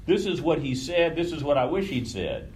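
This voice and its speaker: A man's voice: on the high side, very animated, normal speed, darkish tone, slight background noise, poor audio. A man leading a group session in a casual teaching talk, conversational, swearing freely and often checking in with his listeners. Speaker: workshop leader.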